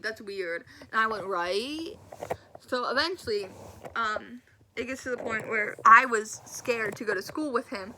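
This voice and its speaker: A young woman tells a personal story in a casual vlog, acting out what people said. Her voice sits a little high, and she laughs now and then. Steady background noise runs under the recording. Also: poor audio. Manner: animated, acts out quotes, laughs often. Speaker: storyteller vlogger.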